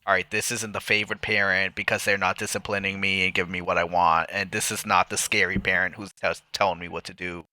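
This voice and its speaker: A man's voice: low voice, fast talker, hardly any pauses. A man co-hosting a parenting podcast, talking casually and rambling as he tells stories about his family. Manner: relaxed, rambling, acts out his family in quotes. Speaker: podcast co-host. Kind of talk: casual chat.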